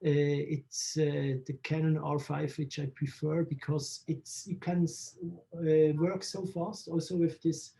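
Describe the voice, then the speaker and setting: A man, answering interview questions in halting English and searching for words. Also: fairly high pitch, little pitch movement, vocal fry, dark tone. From Switzerland. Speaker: photographer interviewee.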